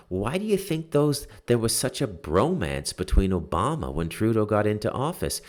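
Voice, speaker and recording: A man in his forties, hosting a solo commentary and ranting with profanity and loud outbursts, punctuating his points with "okay?". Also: deep voice. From Canada. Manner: repeats "okay?" to drive points home. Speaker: political commentary host.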